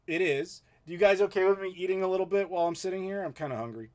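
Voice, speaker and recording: Here a thirty-something man runs a laid-back question-and-answer livestream from his home, using a desk microphone. He has a high-pitched, somewhat dark-toned voice and talks quickly, keeping things chatty and laughing frequently.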